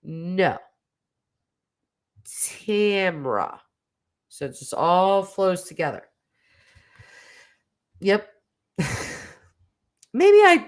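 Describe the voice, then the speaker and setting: A woman in her forties hosting a livestream, chatting casually with viewers, reading their comments and poking fun at herself. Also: deep voice. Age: 40s. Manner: chatty and self-mocking, laughs often. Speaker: livestream host.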